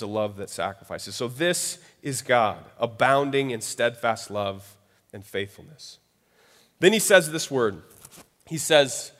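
A man's voice: mid-range voice, a bit bright. A man preaching a sermon as pastor, in a conversational style with frequent asides to the listeners. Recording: long reverb of a large hall.

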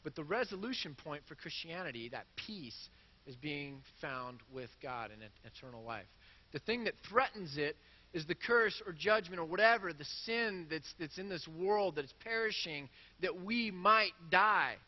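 A man's voice: on the high side, animated, moderate pace, long reverb tail, muffled recording. A man preaching a sermon in a church, earnest and self-deprecating as he works through quoted scripture. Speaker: pastor.

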